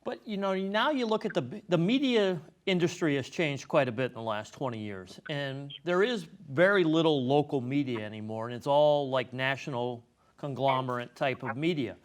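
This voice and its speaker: An older male host with a slightly high voice rambles his way through questions. He hesitates and fills the gaps with "you know" and "uh". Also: moderate pace. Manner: rambling, hesitant, many fillers. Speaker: talk show host. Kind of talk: interview questions.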